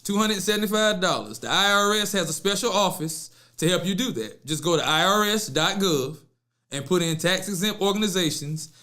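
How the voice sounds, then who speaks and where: Casual podcast host, middle-aged man, slightly high voice, slangy and chatty. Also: sharp tone. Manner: loose, slangy and chatty, calls listeners "baby"; jokes with his producer. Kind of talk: casual advice talk.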